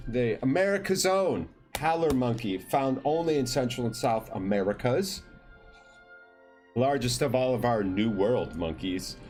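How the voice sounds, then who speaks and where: A man's voice: mid-range voice, darkish tone. A man hosting a live online trivia show in a loose, joking way, teasing teams and handing out points, with faint music behind him. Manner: jokey, loose, teasing players by team name. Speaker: trivia quiz host. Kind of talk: casual live quiz hosting.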